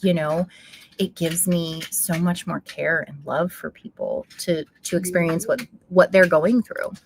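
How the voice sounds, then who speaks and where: A woman's voice: on the low side, measured pace, gravelly, slight background noise. A woman hosting a casual livestream, earnest and affirming as she reflects and thanks her viewers. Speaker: livestream host. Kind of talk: casual live chat reading comments.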